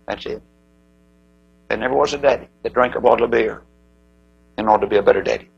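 A man's voice: very fast, creaky, breathy edge, highs cut off. A man preaching a sermon, telling stories dramatically and acting out the voices in them. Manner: dramatic storytelling with swooping pitch, acting out quoted voices.

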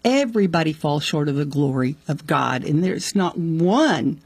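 A woman telling the story of her conversion in conversation. She acts out what people said with sudden jumps in pitch and laughs often. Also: lively intonation, normal speed, breathy edge, no room sound. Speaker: guest sharing her faith testimony.

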